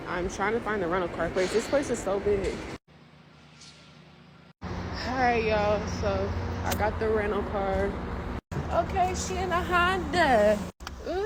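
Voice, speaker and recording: A young woman vlogging on her phone outdoors on city streets, chatty and emotional, talking straight to her viewers. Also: medium pitch. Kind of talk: casual phone vlog. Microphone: phone camera at arm's length. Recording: loud street noise behind.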